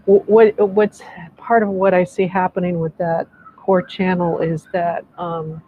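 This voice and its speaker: A woman leading a group energy clearing over a video call, speaking softly and encouragingly, meandering with frequent restarts. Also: lowish voice, flat delivery, unhurried, phone-quality sound.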